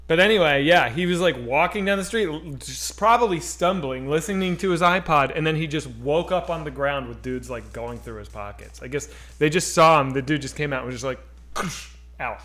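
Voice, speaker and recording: A man's voice: fairly high pitch, fairly quick. A man co-hosting a casual streamed chat show, telling stories and acting out what people said, swearing freely. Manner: animated, acts out quoted voices, swears freely. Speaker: podcast co-host. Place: home streaming setup.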